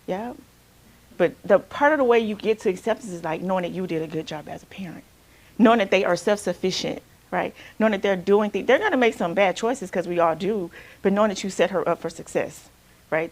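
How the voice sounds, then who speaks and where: A woman's voice: on the low side, brisk. A woman from Alabama, a counselor leading a group workshop in a casual way and checking in with "right?" again and again. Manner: conversational, keeps asking "right?". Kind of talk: workshop talk with group sharing.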